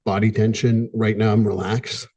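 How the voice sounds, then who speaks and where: A middle-aged man, a therapist hosting a podcast, talking in an earnest, candid way with frequent pauses. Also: fairly low pitch, level tone, darkish tone, highs cut off. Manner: earnest, candid, pausing, gets emotional at times. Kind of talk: reflective podcast monologue.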